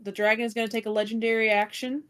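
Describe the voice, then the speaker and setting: Woman, game master, tabletop game, brisk rulings, slightly high voice. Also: level tone, fairly bright tone.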